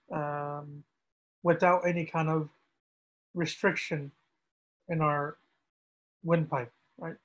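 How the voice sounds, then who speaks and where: A man, an imam, teaching how to pronounce a prayer, repeating each word slowly and drawing it out for practice. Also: a little high, bright, forceful tone, slightly rough, rough recording. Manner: slow, deliberate, repeats words drawn out for practice. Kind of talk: pronunciation lesson with screen pointer.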